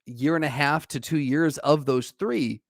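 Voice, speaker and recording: A man's voice: a little high, measured pace, gravelly, dry recording, studio quality. A man co-hosting a podcast in casual chat, thoughtful, searching for words with many restarts. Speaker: podcast co-host.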